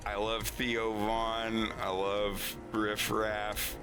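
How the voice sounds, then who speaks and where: A man's voice: on the low side, completely flat delivery, very slow, music in the background. A man chatting casually on his livestream, rambling and laughing often at himself. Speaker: animation streamer.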